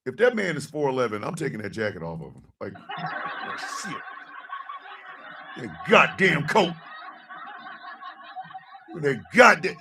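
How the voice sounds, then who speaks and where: A man hosting a radio show, joking loudly with profane rants, mock outrage and sudden shouted lines. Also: mid-range voice, wildly swooping pitch, measured pace, pauses often, distant mic, noisy background. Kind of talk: loud comedic live-stream banter.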